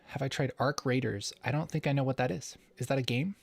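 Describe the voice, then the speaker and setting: A man's voice: medium pitch, steady tone, brisk, gravelly. A man hosting a casual livestream Q&A, playful and chuckling often as he reads the chat. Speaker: livestream host.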